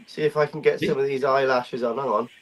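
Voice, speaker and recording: A man's voice: medium pitch, fairly even intonation, fast, a little hiss or hum. A man hosting a live koi auction stream, chatty and jokey, swearing casually as he talks.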